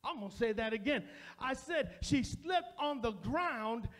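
A man's voice: extremely high pitch, expressive, measured pace, fairly bright tone. A male pastor preaching a sermon in a church, speaking straight to the congregation in a repetitive preaching cadence. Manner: addresses the congregation directly. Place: church sanctuary.

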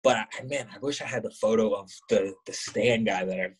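A young man with a husky, slightly low voice spins a loose, comedic story about himself. He rambles through filler words, pokes fun at himself and chuckles as he goes. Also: brisk, rough recording. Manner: rambling, filler-heavy, self-mocking, laughs between lines. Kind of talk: casual comedic personal storytelling.

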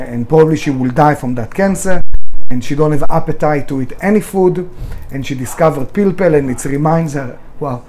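High-pitched guy telling his restaurant story, fired up, swears a lot, broken english. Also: dark tone, a little hiss or hum. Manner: passionate, emphatic, swears freely, non-native grammar. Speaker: restaurant owner, guest. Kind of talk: storytelling in a conversation.

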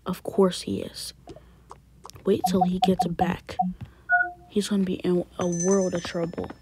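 A woman voicing a stern, worried father who scolds his teenage son in hushed late-night whispers, in a one-person family skit. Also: medium pitch, level tone, moderate pace, noisy background, close to an everyday voice. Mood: exasperated.

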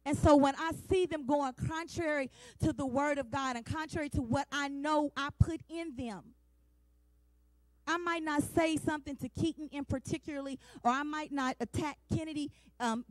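High-voiced woman preaching with passion. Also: normal speed, no echo. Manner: passionate, emphatic preaching with repeated refrains; colloquial, talks straight to the congregation. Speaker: women's day speaker. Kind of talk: sermon.

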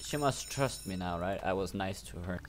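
A man giving excitable, rambling let's play commentary and swearing as he plays. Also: sits low, normal speed. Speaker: gamer.

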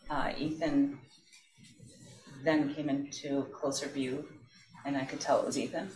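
A school principal giving courtroom testimony, speaking haltingly with restarts and trailing off. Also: mid-range voice, little pitch movement. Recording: roomy courtroom audio, distant mic, faint hiss.

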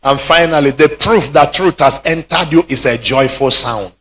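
A man preaching a sermon, rising into shouted peaks. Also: on the high side, moderate pace. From Nigeria. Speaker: pastor.

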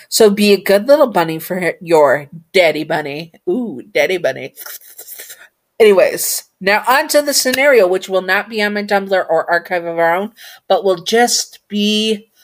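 A woman reads a fan story aloud in a casual, playful way, breaking off to chat and talk to herself. Her voice sits fairly low for a woman. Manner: chatty, giggly, talks to herself.

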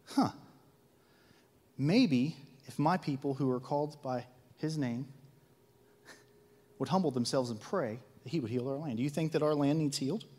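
A man with a Midwestern American accent preaching a sermon, swinging between loud zealous outbursts and hushed asides, full of rhetorical questions and repetition. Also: on the high side, normal speed, long pauses, in a large hall. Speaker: lay preacher. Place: church sanctuary.

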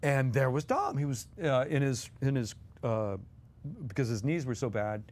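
A man's voice: mid-range voice, normal speed. A man guest co-hosting a podcast, telling anecdotes animatedly and chuckling as he goes. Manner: animated, chuckles while telling stories, acts out voices. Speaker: guest co-host.

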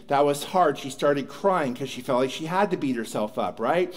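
A man's voice: on the high side, lively intonation, moderate pace, few pauses. A man preaching a sermon as pastor, telling stories and acting out quoted prayers and dialogue. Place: church sanctuary.

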